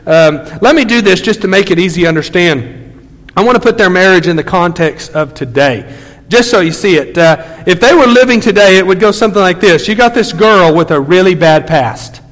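A man's voice: high-pitched, a bit bright, big-room sound, poor audio. A man preaching a storytelling sermon as a pastor, talking in a loose, conversational way full of fillers and restarts.

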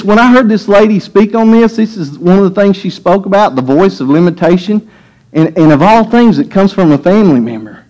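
A man's voice: high-pitched, mellow, poor audio. A man preaching a sermon, telling a scripture story and acting out the voices with rising emphasis. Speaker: pastor.

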